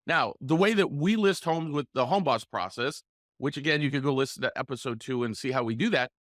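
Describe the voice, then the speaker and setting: A man hosting a solo coaching podcast, explaining sales calls and acting them out with deliberate pauses and shifts in inflection. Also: mid-range voice, fairly bright tone, no echo, clean studio sound. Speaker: podcast host, real estate coach.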